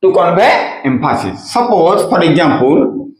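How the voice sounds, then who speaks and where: Slow, lively-voiced teacher. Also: male voice, a little high. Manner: repeats key phrases, asks and answers own questions. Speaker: English grammar teacher. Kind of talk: slow explanatory lesson. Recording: echoey room.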